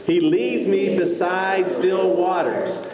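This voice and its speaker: A man's voice: high voice, steady tone, takes it slowly, a loud crowd. A man pastor preaching a conversational sermon in a church hall, full of fillers and asking the congregation questions. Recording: echoey hall, distant mic.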